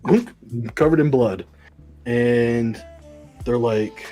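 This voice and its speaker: A man's voice: medium pitch, takes it slowly, warm tone, faint music behind. Rambling podcast co-host, casual male. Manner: rambling retelling with many ums and likes. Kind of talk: casual comic book review chat.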